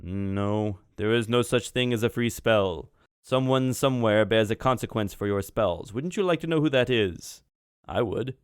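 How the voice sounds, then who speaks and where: A man voicing a cryptic, ageless male being in an adopted body, who asks slow, probing questions in a tabletop game. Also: on the low side, smooth, no room sound, studio quality, close to an everyday voice. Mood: lecturing.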